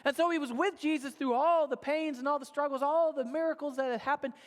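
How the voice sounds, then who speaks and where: A quick-paced man with a very high-pitched voice and fairly even intonation tells a sermon story as a pastor. He's casual and conversational, frequently checking in with "right?", and the church auditorium adds a long reverb.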